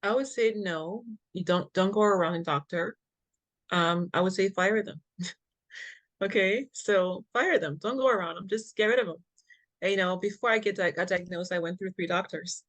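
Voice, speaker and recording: Speaking at a normal pace in a mid-range voice, this interview guest talks as a patient advocate. She tells a frank, lively tale, voicing the exchanges herself, with ready laughter and sharp slang asides.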